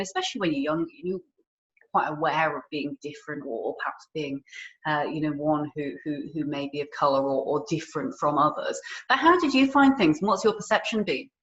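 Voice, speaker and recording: A woman from Hong Kong hosts the interview with a lowish voice, measured and affirming as she poses questions. The audio is muffled and lo-fi. She speaks steadily to her guests. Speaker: podcast host. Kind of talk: interview hosting.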